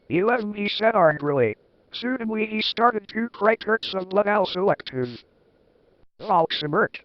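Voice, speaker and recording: A man's voice: high voice, expressive, unhurried, no echo. A man giving a comic dramatic reading, with wry, sarcastic asides. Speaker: reader. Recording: dull, lo-fi dry recording.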